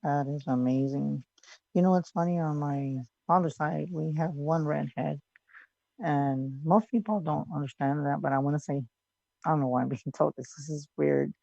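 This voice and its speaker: Host, casual and responsive, gravelly, lo-fi sound. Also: mid-range voice, moderate pace, dark tone, dry recording. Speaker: radio host. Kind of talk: casual radio chat. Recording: dull lo-fi sound.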